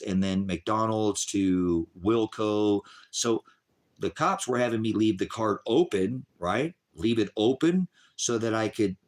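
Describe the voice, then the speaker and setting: A middle-aged man rambling on a live stream, frustrated and profane, swinging from angry outbursts to low, weary muttering.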